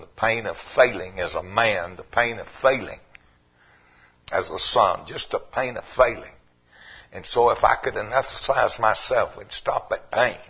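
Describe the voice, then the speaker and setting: Husky older preacher man. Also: highs cut off. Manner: fervent preaching that swings from low and quiet to loud and emphatic. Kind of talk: sermon.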